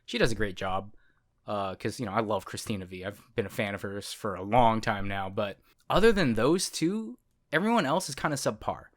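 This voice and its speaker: A man's voice: on the low side, animated, moderate pace. A man co-hosting a podcast in casual chat, rambling and correcting himself, laughing often. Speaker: podcast co-host.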